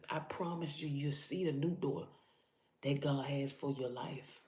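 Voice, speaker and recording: This motivational preacher has a warm, low-pitched voice with a steady tone and measured pace, recorded in a roomy-sounding space. Her vlog is impassioned: she appeals urgently to listeners, speaking straight to them and repeating herself to drive points home.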